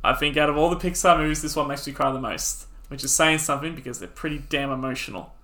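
A man's voice: a little high, fast talker. A man co-hosting a podcast in casual chat, counting down his favorite films with enthusiasm. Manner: enthusiastic, bursts into laughter and loud silly voices. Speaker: podcast co-host.

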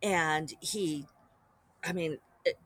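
A woman author talking through her work on her own podcast in a chatty, rambling way, with quick asides. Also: low-pitched, a bit bright, husky, dry recording. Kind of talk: casual solo podcast monologue.

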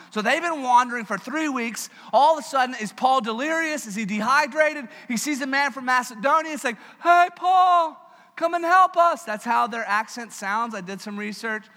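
A man preaching a sermon as pastor, in a conversational, joking and animated manner, in a church hall with a long reverb. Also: extremely high pitch, brisk, few pauses.

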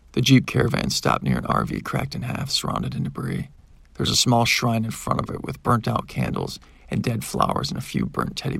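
A man narrating a first-person audiobook with a husky, gravelly voice, acting out the characters and their shouted outbursts. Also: medium pitch, dry recording.

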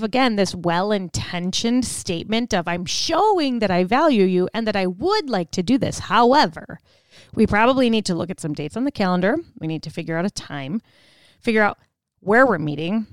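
A woman hosting a podcast, telling stories in an animated way and laughing often as she acts out other people's voices. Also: medium pitch, clear, resonant tone, dry recording. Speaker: podcast host. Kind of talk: storytelling monologue.

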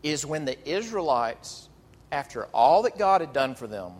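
A male pastor delivering an animated, emphatic sermon, drawing out key phrases. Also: fairly high pitch, normal speed. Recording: long reverb of a large hall.

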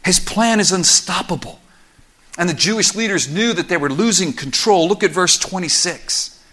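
A man preaching a sermon as pastor, explaining scripture verse by verse in an animated, conversational way with quick asides. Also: high voice. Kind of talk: expository sermon.

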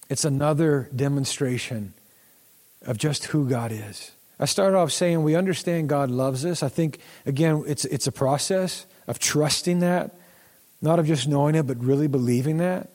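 A man's voice: fairly high pitch, moderate pace, a little mellow. A man pastor giving a sermon in a conversational way and acting out the voices of the Bible figures. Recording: long hall reverb.

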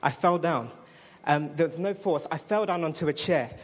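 A man's voice: fairly high pitch, moderate pace. A man giving a chatty personal testimony to a congregation, with fillers and restarts. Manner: chatty storytelling with fillers and self-interrupting apologies.

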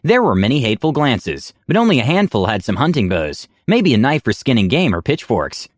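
A man's voice: medium pitch, sing-song, a little fast, dry recording, studio quality. A man narrating a tabletop game story in a dramatic storytelling manner.

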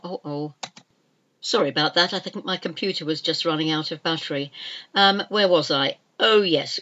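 Older lady teaching spelling, slow and careful, kinda low voice, dull lo-fi sound. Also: fairly bright tone. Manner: slow, careful, repeats each word several times. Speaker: English teacher. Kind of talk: spelling lesson, spelling words out letter by letter.

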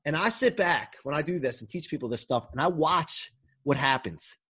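A man's voice: on the high side, lively intonation, normal speed, bright, forceful tone, husky. A man who coaches people, talking casually and eagerly from home as a podcast guest, rambling and restarting often. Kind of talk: casual interview talk. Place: home during quarantine.

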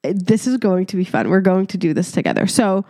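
Animated laughing woman podcast host. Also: fairly low pitch, a little fast, no echo, studio quality. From Egypt. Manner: animated storytelling, laughing often, casual swearing; talks directly to listeners as "your girl". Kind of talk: solo podcast monologue.

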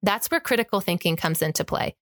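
A woman's voice: on the low side, expressive, fairly quick, fairly bright tone, no room sound, clean studio sound. An emphatic, impassioned woman telling a personal story as a guest in conversation, acting out the exchanges. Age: adult with an eight-year-old child.

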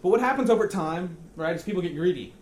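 A man's voice: high voice, animated, fast, a little mellow. A young man preaching a sermon in a conversational, self-deprecating storytelling way.

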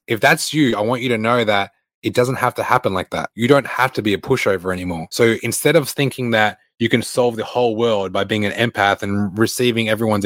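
Blunt fitness coach, dry sound. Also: male voice, medium pitch, no echo. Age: late 20s. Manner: blunt, swearing, animated storytelling. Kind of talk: motivational talk with stories.

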